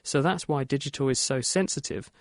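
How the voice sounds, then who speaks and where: A man hosting a radio science show, explaining answers in a brisk, plain-spoken way. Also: mid-range voice, no room sound, studio quality. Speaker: host.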